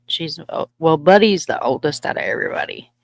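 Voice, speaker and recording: A woman's voice: low-pitched, very animated, brisk, gravelly, no room sound. A woman hosting a livestream, chatting casually and laughing often. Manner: chatty, laughs often, baby-talks her dogs. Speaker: livestream host. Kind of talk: casual chat.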